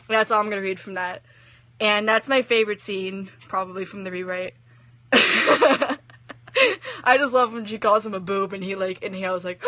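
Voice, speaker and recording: A woman's voice: medium pitch, steady tone, moderate pace, bright, forceful tone, no echo. A young woman, an online story writer, reading her work aloud and chatting casually with viewers, giggly and full of "like" and "um".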